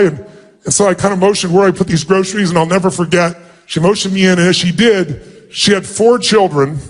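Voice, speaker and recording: Earnest man telling a heartfelt story. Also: high-pitched. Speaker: motivational speaker. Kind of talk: personal storytelling talk.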